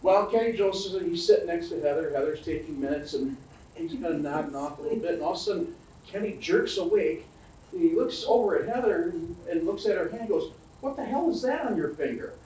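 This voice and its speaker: A man's voice: sits high, fast, warm tone, slight background noise. A man and county supervisor telling a jovial anecdote about a former colleague, laughing along at a public meeting. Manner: jovial storyteller who laughs at his own tales. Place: county board meeting room. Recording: roomy, distant meeting-hall mic.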